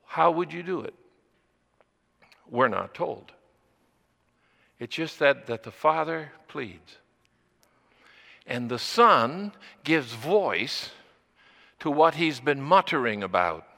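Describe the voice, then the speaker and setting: An older man preaching a sermon slowly and deliberately, repeating phrases for emphasis. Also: on the high side, expressive, creaky, pushed and bright, long reverb tail.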